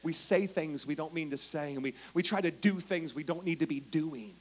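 A man preaching a sermon, telling Bible stories with animated emphasis and dropping to a hush, speaking directly to the congregation. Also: on the high side, moderate pace. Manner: animated storytelling, swings from loud emphasis to hushed. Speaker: pastor.

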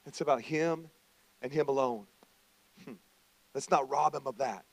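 A middle-aged male pastor giving a conversational sermon, moving between quiet asides and loud emphatic stretches. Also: medium pitch, unhurried, vocal fry, no echo.

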